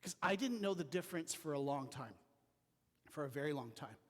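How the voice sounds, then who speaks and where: A man preaching a sermon as pastor, telling personal stories in an earnest way that drops to a quiet voice. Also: fairly high pitch, expressive, a little fast, long reverb tail. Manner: earnest storytelling with quiet dips. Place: church sanctuary.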